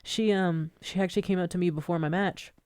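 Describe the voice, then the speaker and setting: A woman with a slightly low voice tells lively stories on a podcast, laughing often as she goes. The studio sound is close and dry, with no room echo. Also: a little fast, clear, resonant tone. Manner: animated storyteller who laughs often. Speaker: podcast co-host and pro wrestler. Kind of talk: casual storytelling chat.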